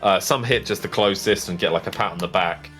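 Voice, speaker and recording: A man's voice: low voice, brisk, fairly bright tone, faint music behind. A man narrating as game master of a tabletop game, in a casual, rambling way full of fillers.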